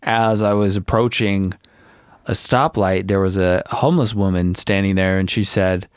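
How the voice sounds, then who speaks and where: A man co-hosting a podcast with dry, teasing humor, telling deadpan tall tales in casual chat. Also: deep voice, moderate pace, smooth, dry recording. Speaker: podcast co-host.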